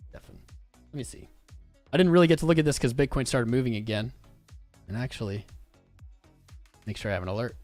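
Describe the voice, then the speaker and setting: A man of middle pitch hosts a live trading stream in an easy, upbeat, chatty way, reacting to charts and reading comments aloud. Faint music plays softly behind his voice. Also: expressive, a little fast, pauses often. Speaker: crypto livestream host.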